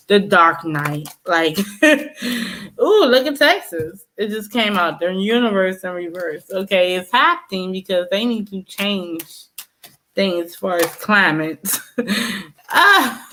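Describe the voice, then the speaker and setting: A woman's voice: mid-range voice, sharp tone. A young woman tarot reader ranting casually to camera, blunt and swearing, laughing between points. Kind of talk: profane casual rant to camera.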